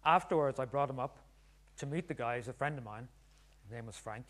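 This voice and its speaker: A man's voice: mid-range voice, brisk, a bit bright. A middle-aged male author telling funny family stories to an audience, chatty and joking. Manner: chatty, joking, acts out voices. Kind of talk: humorous storytelling talk.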